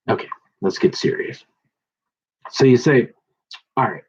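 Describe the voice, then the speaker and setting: A man telling rambling personal stories, digressive and halting, with many restarts and asides. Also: medium pitch, husky. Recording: dull lo-fi recording.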